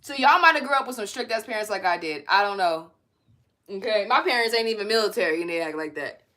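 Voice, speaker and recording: A woman's voice: mid-range voice, lively intonation, quick pace, pushed and bright. A young woman hosting a spiritual self-help talk from home, mixing blunt, profane, laughing chatter with read-aloud guidance. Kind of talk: casual spiritual pep talk to viewers.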